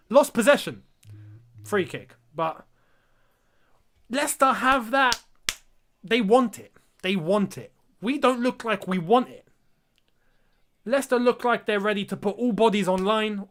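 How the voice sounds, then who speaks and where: A young man with a high-sitting, fairly bright voice hosts a live football watchalong. Reacting in exasperated disbelief, he provides live match commentary and talks right to his viewers as though they're his lads.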